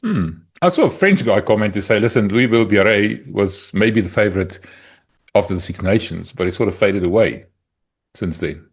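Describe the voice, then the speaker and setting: A South African man co-hosting a rugby podcast, chatting casually with a relaxed, wry, teasing manner. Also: on the low side, normal speed, breathy edge. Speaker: podcast co-host. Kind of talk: casual chat.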